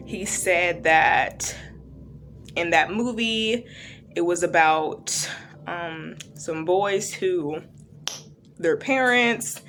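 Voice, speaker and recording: A woman's voice: on the low side, a bit bright, slight background noise. A woman recapping a TV series in a casual, chatty way, full of fillers and loose asides. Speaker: true-crime reaction vlogger.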